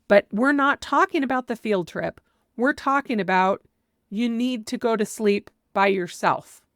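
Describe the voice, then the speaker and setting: A woman's voice: on the high side, no room sound, studio quality. A woman parenting coach giving earnest, direct advice, sometimes acting out what a parent might say with emphasis. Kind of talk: advice monologue.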